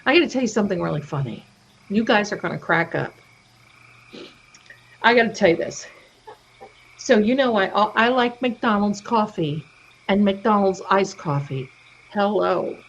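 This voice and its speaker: A middle-aged woman hosts a livestream, chatting casually and telling stories while acting out the voices of people she quotes. Her mid-range voice is animated and a little slow, with long pauses. The lo-fi stream audio sounds dull and carries a slight hiss or hum.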